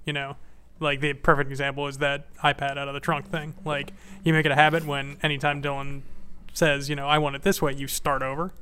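A man's voice: on the high side, level tone, fairly quick, sharp tone, clean tone. A man in casual chat, asking clarifying questions and making dry jokes.

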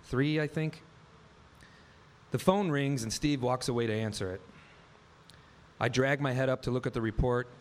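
A man in his thirties tells a personal story live on stage, wry and vivid, acting out the dialogue in his own words. His mid-range voice moves at normal speed, broken by long pauses.

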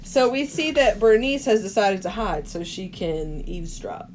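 A woman's voice: medium pitch, animated, normal speed, darkish tone, a little hiss or hum. A woman co-hosting a casual podcast, retelling movie scenes and acting out the characters' lines with frequent laughter. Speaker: podcast co-host. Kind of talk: casual movie recap chat.

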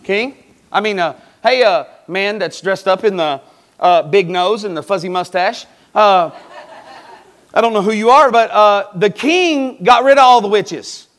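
A man's voice: sits high, a little slow, a bit bright. A preacher putting on the voice of a nervous, evasive woman medium who stammers and hedges with fillers as she retells a scripture story.

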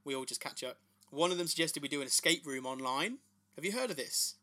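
Man, thirties, bright voice, slightly high pitch, enthusiastic casual chat. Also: fast talker. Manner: enthusiastic, animated storytelling. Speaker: podcast co-host.

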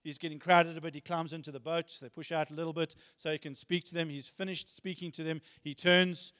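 A man's voice: a little high, fairly even intonation, a little fast, fairly bright tone. A man preaching a sermon, retelling scripture casually in everyday words and reading passages aloud with rising force. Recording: long hall reverb.

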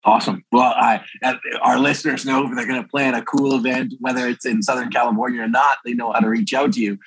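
A man's voice: mid-range voice, level tone, fast talker, a bit bright, breathy edge, rough recording. A man hosting a podcast, asking long, rambling questions filled with "like" and "you know". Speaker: podcast host. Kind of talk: interview questions.

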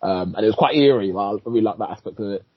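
A man's voice: lowish voice, rapid-fire, husky, dry recording, muffled recording. A man, a podcast co-host recapping a TV episode in rambling casual chat, swearing and laughing as he goes.

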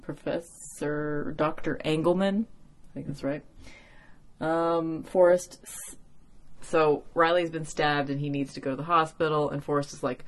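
A woman's voice: deep voice, steady tone, a little slow. A young adult woman hosting a podcast, giving a chatty, profane episode recap full of "like," sounding tired after a workday. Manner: chatty, profane, heavy use of "like". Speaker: podcast host.

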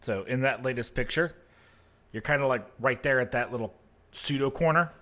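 Speaking at a normal speed in a mid-range voice, a man narrates as game master for a tabletop game. He sounds relaxed yet hesitant, filling gaps with many fillers.

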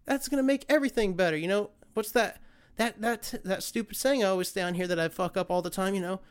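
Smooth-voiced man ranting, full of swearing. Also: sits high. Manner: profane, rambling, quick to get fired up. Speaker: podcast host. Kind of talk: casual solo rant.

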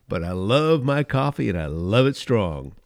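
An older man hosting a devotional podcast, telling a family story in a relaxed way and reading scripture aloud slowly. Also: on the low side, no echo, studio quality. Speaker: podcast host.

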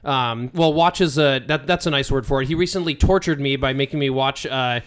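A man's voice: medium pitch, a little fast, clear, resonant tone. A young man co-hosting a podcast who steers the casual chat, laughs often and swears when he gets worked up. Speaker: podcast co-host.

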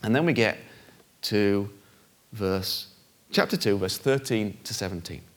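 A man preaching a sermon in a conversational, animated way, acting out voices with big jumps in pitch. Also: a little slow.

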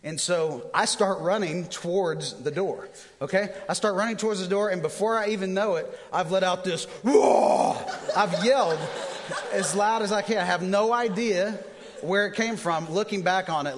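A man in his thirties preaching a sermon, telling personal stories in an animated way with self-deprecating humor. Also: sits high, moderate pace. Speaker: pastor. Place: church auditorium. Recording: long hall reverb.

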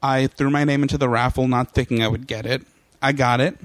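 Man, young adult, podcast guest, animated storytelling, mocking impressions, medium voice, dry. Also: medium pitch, brisk, dry recording. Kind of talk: casual comedic storytelling.

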